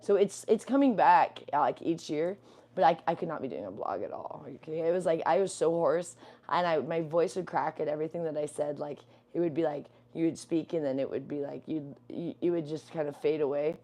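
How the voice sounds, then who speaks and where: A young adult woman co-hosts a livestream from home, chatting casually in a rambling way full of fillers. Her voice is deep and mellow, and she speaks briskly.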